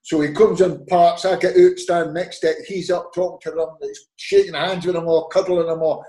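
A man's voice: fairly high pitch, moderate pace, echoey room. A man with a Scottish accent, a former footballer telling anecdotes in casual chat and acting out the dialogue. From Scotland. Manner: animated storyteller, acts out quoted dialogue, laughs often. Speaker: podcast guest, former footballer.

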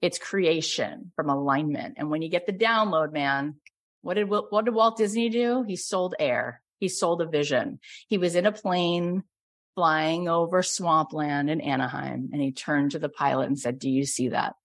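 Middle-aged woman coach, effusive sales pitch, builds to loud emphasis. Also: normal speed. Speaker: coach and program host.

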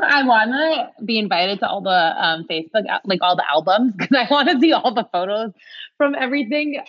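A young adult woman co-hosting a podcast, bubbly and excitable in casual chat. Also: medium pitch, dry recording, dull audio. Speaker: co-host.

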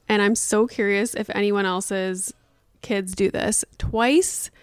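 A woman's voice: medium pitch, no room sound. Woman, 30s, chatty podcast host, dry close sound. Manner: chatty and animated, with frequent fillers. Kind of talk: casual solo podcast chat.

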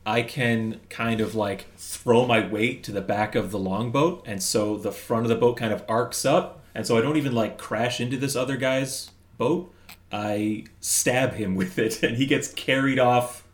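Tabletop player, a man, animated and casual, on a video call. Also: mid-range voice, unhurried, echoey room. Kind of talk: tabletop role-play.

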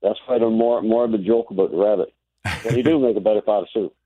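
A man's voice: fairly low pitch, steady tone, quick pace, no room sound. A man with a Newfoundland accent calling in to a radio show, joking in a dry way. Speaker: caller. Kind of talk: phone-in chat. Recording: tinny phone line.

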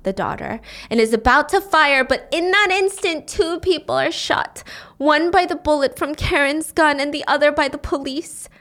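A young woman host telling the story of a drama in an animated, casual way, sometimes speeding up and sometimes slowing for the sad parts. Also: sits high. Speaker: podcast host recapping a drama.

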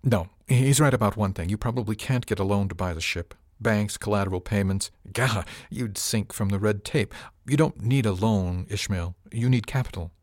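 A man voicing a shrewd, wry older male mentor with a raspy voice, in an audiobook. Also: lowish voice, normal speed, few pauses, darkish tone, no room sound, studio quality, natural voice.

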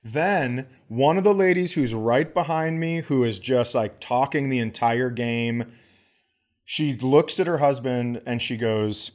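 A podcast co-host, male, spins a comic anecdote in an easy, chatty voice. He jumps into other people's voices mid-sentence, pitching up for the quotes, then drops back to his plain telling. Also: measured pace. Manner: animated storyteller acting out quoted people. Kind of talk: casual comedic storytelling.

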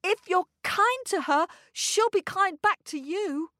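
A woman puts on an earnest young boy in a storybook. His high, pleading voice leaps up and down, and he speaks slowly and carefully in a dry, close sound. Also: animated, no echo, exaggerated voice.

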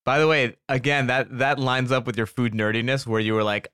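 A man hosting a casual podcast chat, playful and teasing, quick to exclaim. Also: mid-range voice, steady tone, bright, forceful tone, clear, resonant tone, no room sound, studio quality. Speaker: podcast host.

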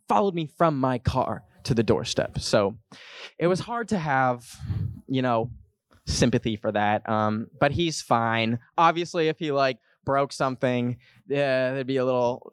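A young man hosting a podcast, telling a comic story to a live audience in an animated, jokey way. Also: smooth, no room sound, studio quality. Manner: animated, jokey, puts on high voices for quotes. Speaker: podcast host.

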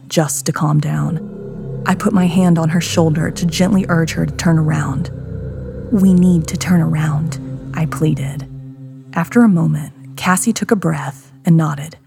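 A woman hosting a podcast, narrating a scary story in a hushed voice that often sinks to a whisper. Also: deep voice, vocal fry. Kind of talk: scripted horror story narration. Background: background music.

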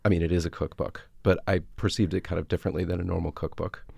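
A low-voiced man with a gravelly edge hosts a podcast, talking in a relaxed, thoughtful way with frequent fillers. The sound is dry and close. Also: quick pace, dry recording. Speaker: podcast host. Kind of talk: casual chat.

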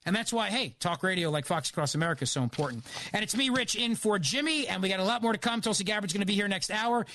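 A man's voice: sits high, lively intonation, fast talker, bright, forceful tone, a little hiss or hum. A man filling in as a radio host, delivering an opinionated monologue in an emphatic, argumentative way with many rhetorical questions, on a studio microphone. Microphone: studio broadcast microphone.

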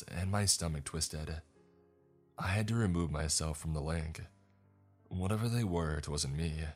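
A man narrating a horror story in a measured, somber first-person voice. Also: rumbling low.

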